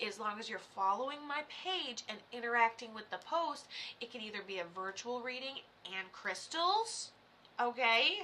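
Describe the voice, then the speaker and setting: A woman's voice: a little high, pushed and bright, slight background noise. A woman from Florida, a medium live-streaming in a casual, chatty way, swearing now and then and talking straight to viewers. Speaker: psychic medium livestreamer.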